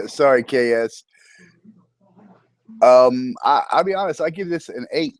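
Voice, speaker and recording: A man's voice: medium pitch, lively intonation, takes it slowly, dry recording. A man hosting a casual voice-chat show about a strategy game event, easygoing and profane, often chuckling. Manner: laid-back, profane, chuckling. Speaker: podcast host.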